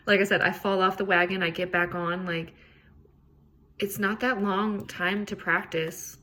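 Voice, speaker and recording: A woman's voice: medium pitch, little pitch movement, measured pace, sharp tone, a little hiss or hum. A woman hosting a podcast, talking casually and earnestly on her own, encouraging and a bit rambling. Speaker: podcast host. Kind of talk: casual solo self-help talk.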